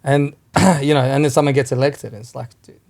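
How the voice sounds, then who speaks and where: A man's voice: medium pitch, steady tone, brisk, darkish tone. A man from Australia, a podcast guest, rambling in casual chat and swearing freely as he keeps checking "you know what I mean.".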